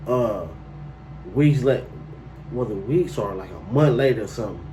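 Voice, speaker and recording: A man's voice: medium pitch, expressive, normal speed, mellow, far from the mic, slight background noise, low-quality recording. A man telling a personal story to camera in a casual, slangy way, breaking into incredulous outbursts.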